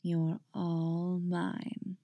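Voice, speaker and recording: A dangerous man who teases with smug affection, voiced by a woman reading aloud. His lines come at a middling pitch. The recording is dry and close. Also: normal speed, a little mellow, dry recording, close to an everyday voice. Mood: teasing, tender.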